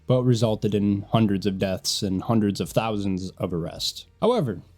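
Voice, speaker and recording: Nasal, congested man with a low, mellow voice. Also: expressive, normal speed. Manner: blunt, conversational, swears casually. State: nasal and congested from a sinus infection. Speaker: history video host. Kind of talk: casual history narration.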